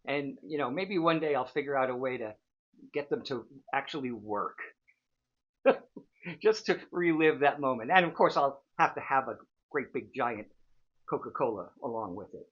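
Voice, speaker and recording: A man's voice: mid-range voice, lively intonation, normal speed, slightly rough, muffled recording. A man in his sixties, a show host telling a casual, rambling story full of fillers. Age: 60s. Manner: chatty, rambling, frequent fillers.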